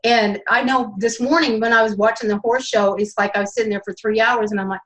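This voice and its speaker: A woman guest talks casually in a chatty, meandering way, restarting her sentences as she goes. Her voice sits somewhat high. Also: steady tone, fairly quick, low-quality recording. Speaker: podcast guest, horse trainer. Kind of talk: casual chat.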